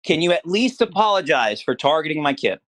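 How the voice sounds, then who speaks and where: A man's voice: fairly high pitch, sing-song, brisk, fairly bright tone, dry recording. Defensive man cutting in. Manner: defensive, keeps interrupting with 'hold on'. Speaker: guest in a dispute. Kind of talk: heated argument on a call.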